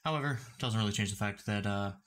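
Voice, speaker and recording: A man making commentary videos who speaks deliberately clearly and explains his points step by step. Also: fairly low pitch, a bit bright. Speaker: YouTube commentator.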